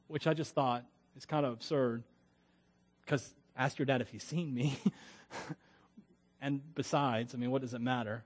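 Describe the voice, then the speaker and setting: A man's voice: medium pitch, steady tone, moderate pace, darkish tone. A man from Florida preaching as a pastor, in a conversational, digressive way with frequent chuckles. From Florida, USA. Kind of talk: sermon.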